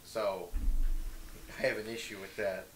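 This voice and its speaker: A young man co-hosting a casual podcast chat, animated and quick to explain things. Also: on the low side, slight background noise. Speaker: podcast co-host.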